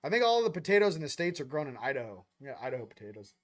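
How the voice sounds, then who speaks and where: Young guy rambling casually on his channel, slangy, bit higher voice. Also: very animated, very fast, slight background noise. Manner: loose, slangy, rambling with quoted asides. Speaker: spiritual channel host. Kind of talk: casual livestream monologue.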